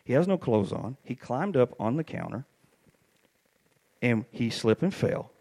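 A middle-aged man preaching a sermon, telling stories with animated swings up to shouted peaks. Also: mid-range voice, measured pace, vocal fry, slightly rough.

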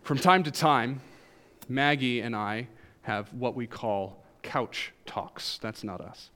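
A male pastor preaches slowly, telling stories conversationally with wry humor. His voice swings from emphatic highs to soft, low asides.

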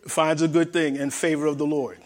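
A man's voice: fairly high pitch, little pitch movement, a little fast, a little mellow. Man preaching with repeated emphasis. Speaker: pastor. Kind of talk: sermon.

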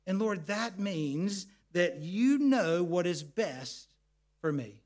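A man's voice: high-pitched, lively intonation, takes it slowly, darkish tone. A middle-aged man preaching earnestly, often repeating words as he explains. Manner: earnest, repeats words, tells family stories. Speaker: pastor. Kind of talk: sermon.

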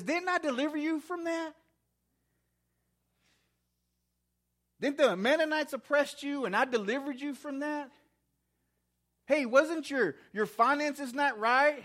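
A man preaching a sermon, impassioned, often repeating words and climbing higher and louder as he quotes God. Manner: impassioned, repeats words, rising to shouts when quoting God.

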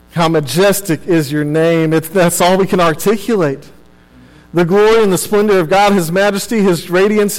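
High-voiced young male preacher, long reverb. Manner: earnest, conversational preaching with repeated phrases and asides. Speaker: pastor. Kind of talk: sermon.

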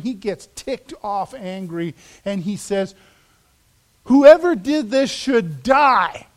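A man with a high, light voice preaching a sermon from the pulpit. He tells the story with drama, sinking to a near hush for emphasis and then building back up. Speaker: pastor.

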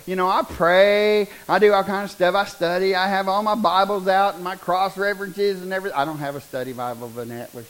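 A middle-aged man preaching a sermon, joking and building to loud bursts. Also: high-pitched, poor audio. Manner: animated, joking, preaching with rising bursts and laughter.

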